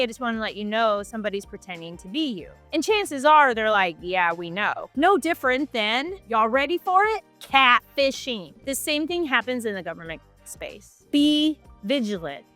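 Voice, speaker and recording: Animated woman coaching over soft music. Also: sits high. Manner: animated, direct, talks straight to the audience. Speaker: government contracting coach. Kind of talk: casual advice talk to camera. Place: Miami Beach.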